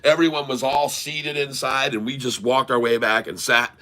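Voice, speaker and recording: Middle-aged male host, casual storyteller; bright, forceful tone, rambling and animated. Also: mid-range voice, normal speed. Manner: animated, rambling anecdote with laughs and restarts. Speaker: channel host.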